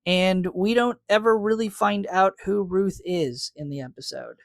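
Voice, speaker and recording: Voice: medium pitch, unhurried, gravelly, no room sound, clean studio sound. A podcast co-host in casual recap chat, laying out fan theories in an analytical, hedging way.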